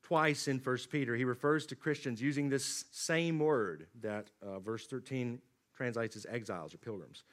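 A man preaching a sermon, swinging from loud emphatic lines to low, quiet drops. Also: moderate pace. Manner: dynamic preaching, rising emphatic then dropping low and quiet. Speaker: pastor.

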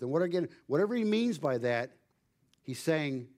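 A man preaching a sermon, emphatic and measured, with dramatic pauses. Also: fairly high pitch, very animated, a little mellow. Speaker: pastor.

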